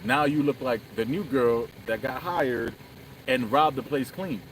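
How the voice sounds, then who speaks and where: At a measured pace, a man with a medium-pitched voice tells a story while riding on city streets. He's a vlogger chatting casually, acting out quotes with animation and lots of swearing. A little hiss or hum runs under the low-quality recording.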